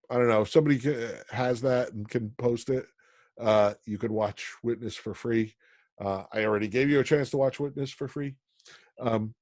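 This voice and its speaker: A man from Pennsylvania teaching an online college class, talking in a halting way with many ums and restarts. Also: medium pitch, a little mellow, no echo, studio quality. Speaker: college instructor.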